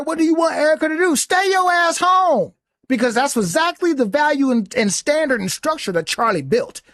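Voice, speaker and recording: A man's voice: extremely high pitch, no room sound, clean studio sound. A man hosting a podcast, giving a heated, taunting, profane commentary monologue. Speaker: podcast host.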